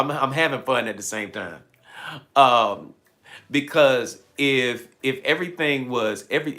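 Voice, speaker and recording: A man's voice: medium pitch, a bit bright. A man coaching a livestream audience, emphatic, repeating lines and thanking viewers by name. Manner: emphatic, repeats phrases, reads viewer comments aloud. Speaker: life coach. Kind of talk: livestream motivational talk. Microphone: handheld mic.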